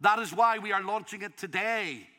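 A man's voice: high voice, moderate pace, pushed and bright, in a large hall. A male pastor preaching an impassioned sermon in church, pleading and emotional as he urges his congregation. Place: church in the city.

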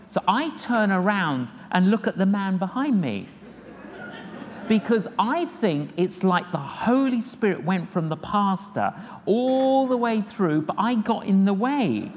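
An older man, preaching a sermon as an evangelist, telling stories lively and acting out the dialogue himself. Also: sits high, unhurried. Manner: lively storyteller acting out dialogue, repeats phrases. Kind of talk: sermon with humorous storytelling. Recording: long hall reverb with faint noise.

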